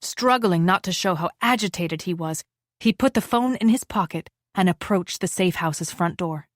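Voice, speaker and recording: A woman reads a suspense novel aloud in a measured, even way, voicing each character's lines as she goes. Her voice sits on the low side. The recording is dry and close. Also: no room sound. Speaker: audiobook narrator. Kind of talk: scripted narration.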